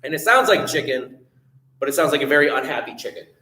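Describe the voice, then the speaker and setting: Animated man telling a children's story. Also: medium pitch, fast. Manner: animated, drawing while telling. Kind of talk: storytime read-aloud. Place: library room. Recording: echoey room.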